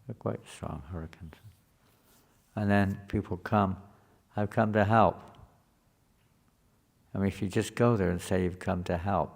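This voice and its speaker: A man's voice: sits low, normal speed, gravelly, darkish tone. A man teaching a scripture class to a live group in a conversational way, often asking the listeners questions.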